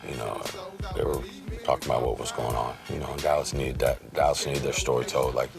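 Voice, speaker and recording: A man's voice: a bass voice, flat delivery, fairly quick, gravelly, over music. A man speaking emphatically in a documentary interview.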